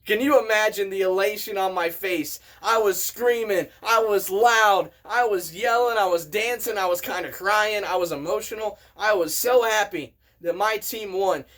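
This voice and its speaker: A man in his thirties, a vlogger telling a story in an excitable, animated way as a casual rant. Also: sits high, moderate pace, hardly any pauses. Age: 30s.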